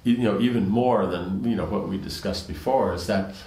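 Low-voiced man teaching from scripture. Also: normal speed, mellow. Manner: rambling, many restarts and "you know"s. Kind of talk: reading scripture aloud with commentary. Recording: roomy echo.

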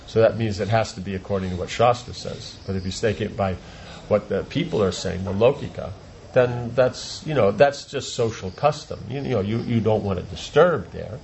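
Man, lowish voice, informal spiritual talk, repeats himself, rhetorical questions, faint hiss behind. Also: normal speed, gravelly, a little mellow. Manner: rambling, repeats words, asks rhetorical questions. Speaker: spiritual teacher. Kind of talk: informal religious discourse.

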